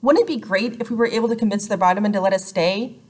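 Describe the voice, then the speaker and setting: A woman reading an audiobook and voicing a calm, organized older sister who takes charge of her siblings. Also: mid-range voice, quick pace, slightly rough, natural voice. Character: thoughtful eldest sister, organized leader.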